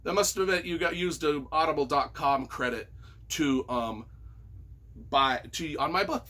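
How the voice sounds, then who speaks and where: A man's voice: on the high side, a little slow, pushed and bright. A man, a novelist, giving casual, mock-earnest and playfully sarcastic commentary, often stumbling over his words. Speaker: novelist reading reviews of his own books.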